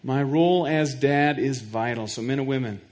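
A middle-aged male pastor preaches to his congregation in a mid-range, slightly mellow voice at a moderate pace. He speaks earnestly, often repeating a word as he builds his point, and addresses questions directly to the people listening.

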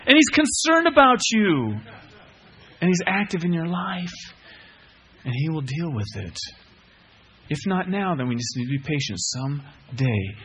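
A man preaching a sermon with animated swings from loud outbursts to hushed lines, mixing in casual asides and self-mocking humor. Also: on the high side, unhurried. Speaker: pastor.

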